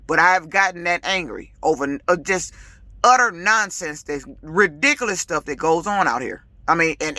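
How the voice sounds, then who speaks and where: A lease-purchase woman trucker talks straight to camera in a casual vlog rant. Her voice is bright and forceful, emphatic and quick to get heated. The sound is dry, with no room around it. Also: fairly low pitch, no room sound. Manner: emphatic, authoritative, gets loud and heated; colloquial, repeats words when fired up.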